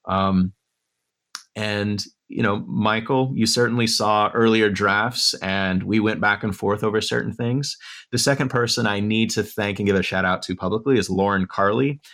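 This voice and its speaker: In a conversational interview in the Durham area, an author and educator speaks at normal speed in a fairly low, a bit bright voice with fairly even intonation. He sets out his points one by one in an earnest, thoughtful way.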